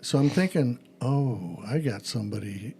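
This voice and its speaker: A man's voice: medium pitch, expressive, normal speed, vocal fry, warm tone, slight background noise. A middle-aged man, a pastor hosting a podcast, telling a story in a casual chat and acting out the phone calls in it.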